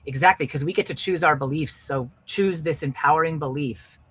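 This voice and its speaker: A man's voice: fairly high pitch, a little fast, a bit bright, slightly rough. A man hosting a wellness podcast, talking in an earnest, emphatic coaching way and repeating his key phrases.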